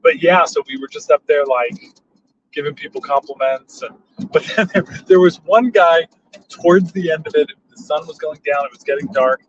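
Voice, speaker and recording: A man telling stories casually as a passenger in a moving car, animated, jumping into loud high voices for quotes. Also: moderate pace. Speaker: passenger and storyteller. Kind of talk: casual storytelling chat. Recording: dull lo-fi sound, faint road hum.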